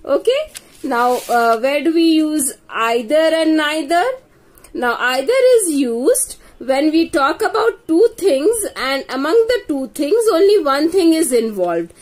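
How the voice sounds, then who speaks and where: A woman's voice: sits high, big pitch swings, a little slow. A woman teaching an English grammar lesson, patiently repeating example sentences and checking in with "okay?". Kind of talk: slow explanatory grammar lesson.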